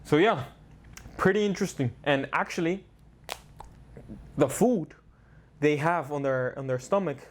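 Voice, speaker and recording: Male show host, fairly high pitch, loose and talkative with frequent restarts. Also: unhurried, long pauses, slight background noise. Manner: chatty, joking, with many restarts. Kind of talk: casual explainer talk.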